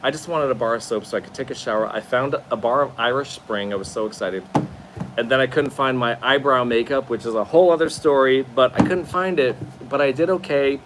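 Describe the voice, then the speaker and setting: A man's voice: mid-range voice, a little fast, background noise. A tired man hosting a casual live stream from his new apartment, chatting expressively and answering viewer comments. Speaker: livestream host.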